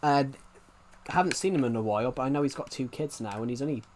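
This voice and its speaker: A fast-talking young man in his twenties, medium pitch with a slightly dark tone, against a bit of background noise. He chats casually during a live game stream, rambling and restarting sentences.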